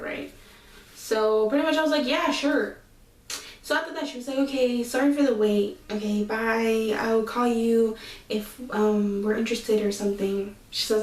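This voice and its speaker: A woman's voice: on the high side, roomy sound, far from the mic, rough recording. Slangy young woman telling a story. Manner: animated, slangy, full of fillers and asides to viewers. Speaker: vlogger. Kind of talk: casual storytime.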